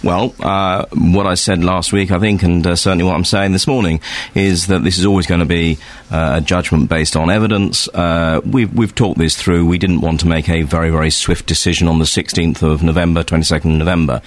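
A man interviewed on radio as a police commissioner, answering in a measured, careful way. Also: low voice, fairly even intonation.

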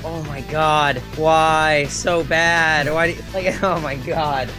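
A man reacts with incredulous disbelief in casual podcast chat, swearing freely. His voice sits high and he speaks slowly. Music plays clearly behind him. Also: fairly even intonation.

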